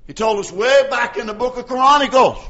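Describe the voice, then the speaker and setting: An older man preaching a folksy sermon, calling out to his congregation by name and swinging between quiet storytelling and shouting. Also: very high-pitched, fairly quick, dull audio.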